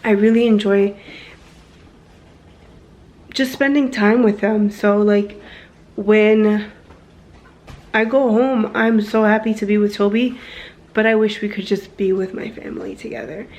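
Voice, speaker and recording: Young woman, casual at-home vlogger talking to her phone, slow and unfiltered with plenty of fillers. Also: mid-range voice, fairly even intonation, a little mellow. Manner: frank and unfiltered, swears casually; rambling with fillers and self-corrections. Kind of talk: candid personal vlog.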